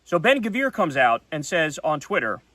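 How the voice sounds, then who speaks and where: A man's voice: a little high, very animated, moderate pace, sharp tone, dry recording. A man hosting a solo political commentary show, talking in a blunt, heated, profane way. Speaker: political talk show host.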